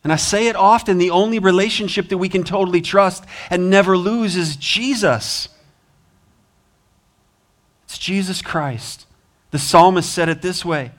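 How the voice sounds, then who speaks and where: A man's voice: high-pitched, a little slow. A man preaching a sermon as pastor, earnest, with rising emphasis, American accent. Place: church sanctuary.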